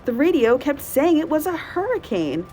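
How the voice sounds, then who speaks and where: A woman voicing a nervous teenage girl in a storybook read-aloud, with a shrill, wailing manner. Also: very animated, normal speed, a little mellow, soft background music.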